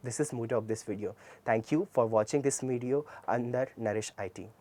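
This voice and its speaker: A man's voice: medium pitch, brisk, mellow. A man with an Indian English accent giving an earnest tutorial lecture on communication skills, often asking a question and then answering it himself. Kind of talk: classroom-style tutorial lecture.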